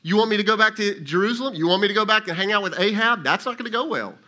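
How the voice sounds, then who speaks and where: A preacher putting on a whiny, exasperated prophet who pleads with God in a rush of complaints. The voice jumps well above the man's own and gets louder. It stays bright and strained. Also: high-pitched, animated, very fast, pitched above the performer's own voice.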